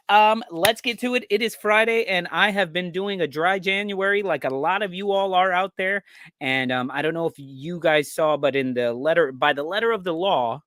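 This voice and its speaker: Casting: American man as live-show host, a bit high-voiced, loose and chatty, dry close sound. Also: fairly bright tone, no room sound. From United States. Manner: laid-back, rambling, reads out viewer comments. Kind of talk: casual live-stream chat.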